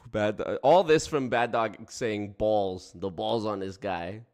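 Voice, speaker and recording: A man's voice: on the low side, slow, darkish tone. A man hosting a casual livestream, chatting with viewers, breaking into frequent laughter and swearing casually. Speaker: streamer host.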